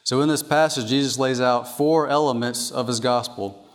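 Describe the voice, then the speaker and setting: A man's voice: mid-range voice, fairly even intonation, normal speed. A man preaching a sermon from an outline, emphatic and repeating his key points. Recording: long hall reverb.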